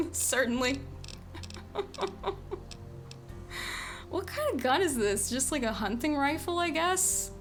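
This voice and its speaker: A woman's voice: sits high, very animated, slow pace, pauses often, faint music behind. A woman streaming a video game, chatting casually and with exasperation, swearing often. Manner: exasperated, swearing, frequent laughs.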